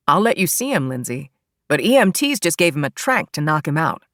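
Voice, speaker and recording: A woman voicing a friendly female jail desk sergeant who talks in a brisk, matter-of-fact way in an audiobook. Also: low voice, big pitch swings, fairly bright tone, no echo, clean studio sound, heavily acted. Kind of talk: audiobook character voice.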